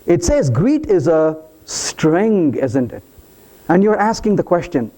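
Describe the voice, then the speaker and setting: A man speaks at a conference, walking the audience through code in a playful, teasing way. His voice sits high and leaps widely in pitch, and his tone stays soft and mellow rather than bright. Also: very animated, takes it slowly. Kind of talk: live technical talk to an audience. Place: conference hall.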